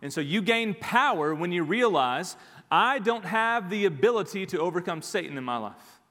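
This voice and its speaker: A man preaching in a church sanctuary, his fairly high voice ringing with a long hall reverb. He drives home each point with emphatic repetition and a steady "all right." It sounds like a pastor in the middle of a sermon. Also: moderate pace. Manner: emphatic, repeats key phrases, frequent "all right".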